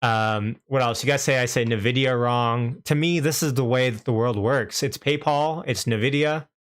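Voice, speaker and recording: A chatty young man with a light Canadian accent hosts a live stream in a relaxed, conversational way. His voice sits at an ordinary middle pitch. He laughs easily and reads viewers' comments aloud as he talks. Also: normal speed. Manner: chatty, laughs a lot, reads out chat messages. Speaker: livestream host. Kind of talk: casual live stream chat.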